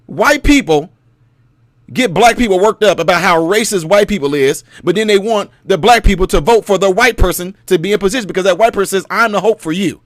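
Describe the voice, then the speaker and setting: A man holds forth in a casual commentary monologue, his voice sitting high and lively. He preaches, tells stories and pokes at his audience with rhetorical questions, sometimes dropping into mocking impressions. The sound is close and dry, with no room around it. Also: a little fast, no echo. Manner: animated, mocking put-on voices. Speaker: commentary channel host.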